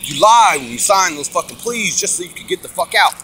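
A high-pitched male voice speaks briskly, with slight background noise, while telling a casual story about his own court case. He swears frequently, acts out what others said, and gets preachy about faith in an animated, profane way.

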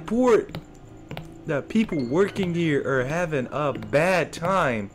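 A man's voice: high voice, a bit bright. A young man casually commenting while playing a game, joking and talking back to the characters in slangy speech. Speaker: gaming streamer. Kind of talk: let's play commentary. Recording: faint game music behind.

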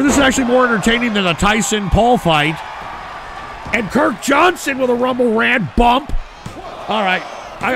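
A man hosting a live stream, ranting in a profane, exasperated way and shouting often. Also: very high-pitched, gravelly, noisy background. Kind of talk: live-stream commentary rant. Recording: stream with loud music and crowd behind.

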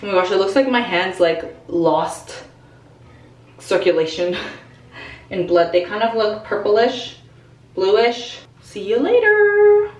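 A woman's voice: mid-range voice, takes it slowly, pauses often, recorded from a distance, a little hiss or hum. A young woman chatting casually in a vlog, bubbly and gushing with frequent exclamations. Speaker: vlogger. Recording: roomy, off-mic, music behind.

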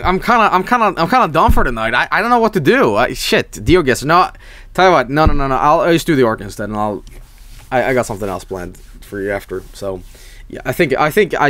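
A man's voice: medium pitch, expressive, brisk, a bit bright, dry recording. A young man streaming, chatting casually and reading viewer messages, rambling and swearing, often breaking into laughs.

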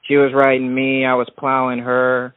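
A male caller tells a long, rambling story in a relaxed way. His voice is mid-pitched and dry. It comes through a narrow, phone-like line. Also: normal speed, no room sound. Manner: rambling, relaxed, full of restarts. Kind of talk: casual storytelling on a call-in show.

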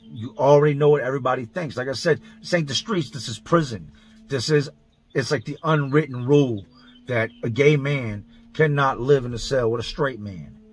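A man with a husky, mid-range voice talks at a normal speed, recounting his prison days as a vlogger. His casual monologue is blunt, profane and heavy with street slang, walking through events step by step in a vivid, blow-by-blow retelling.

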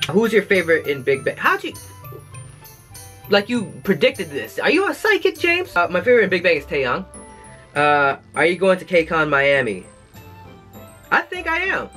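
A man's voice: fairly high pitch, a bit bright. A YouTube host, a man, reading fan letters aloud and adding jokey asides between them.

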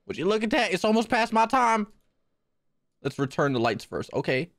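A man's voice: sits high, sing-song, normal speed. A young man streaming a horror game, jumpy and swearing a lot as he talks to his chat and to himself. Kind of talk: live horror gameplay commentary.

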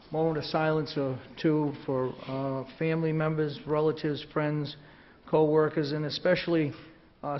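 Hoarse man chairing a council ceremony. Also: on the high side, lo-fi sound, slight background noise. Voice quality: raspy. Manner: halting, with many fillers and restarts. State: hoarse from a cold. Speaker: council president running the ceremony. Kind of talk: formal ceremony proceedings. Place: city council chamber.

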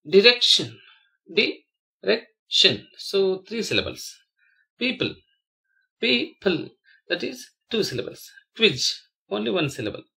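A teacher with a gravelly, bright and forceful voice talks through slides. Each word is said once, then repeated slowly with the syllables stretched apart. The delivery halts often on fillers and restarts. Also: mid-range voice. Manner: halting, with frequent fillers and restarts. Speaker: English teacher. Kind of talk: slideshow grammar lesson narration.

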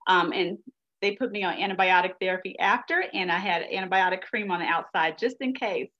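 A woman's voice: fairly low pitch, fairly quick, bright, forceful tone. A woman giving a chatty, folksy webinar presentation on a video call. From United States. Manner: chatty, folksy, addresses audience as y'all. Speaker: guest speaker sharing her experience. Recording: dull lo-fi video call audio.

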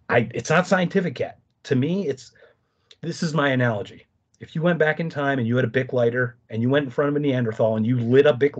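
A man telling stories as a podcast guest, his husky voice running animated, with quick asides and self-corrections. The audio is muffled and lo-fi, like a simple podcast recording. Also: mid-range voice. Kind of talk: casual conversation.

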